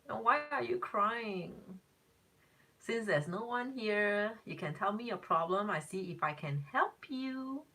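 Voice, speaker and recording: Woman tarot reader, casual live-stream host, bright and tense tone, rambling, exasperated. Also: medium pitch, lively intonation, slow. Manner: chatty, talks back to viewer comments, rambling restarts; exasperated exclamations.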